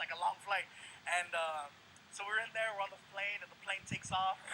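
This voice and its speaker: A man doing stand-up comedy, telling a story to a live audience in an animated, exclaiming way and acting out scenes. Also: high-pitched, slight background noise, poor audio.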